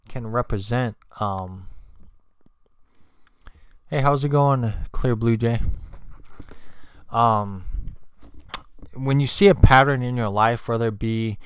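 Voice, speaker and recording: A man's voice: on the low side, fairly bright tone, clear, resonant tone, no echo, studio quality. A man hosting his own channel, chatting casually on a livestream, rambling with many fillers and restarts, with candy in his mouth. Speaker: channel host. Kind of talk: casual spiritual livestream talk.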